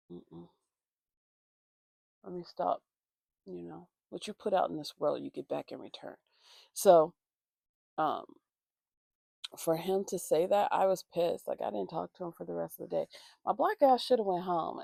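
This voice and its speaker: A woman tells a story in a casual, heated way, swearing freely and filling every gap. Her voice sits low and is thick with vocal fry. It was recorded on a phone with a dry, close sound and no room echo. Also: a little mellow. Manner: profane, heated venting with constant fillers. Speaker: vlogger. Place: indoors at home getting ready.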